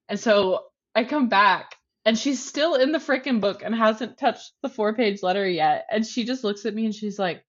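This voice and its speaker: A woman's voice: medium pitch, moderate pace, hardly any pauses, highs cut off. A woman co-hosting a podcast, telling a funny story in casual chat, acting out quotes and saying "like" often. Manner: chatty, acts out quotes, says "like" often. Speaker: podcast co-host.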